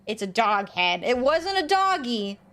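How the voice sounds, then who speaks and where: Woman, streamer, high voice, very lively pitch, playful gameplay commentary. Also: measured pace. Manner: chatty and playful, reads game text aloud and reacts.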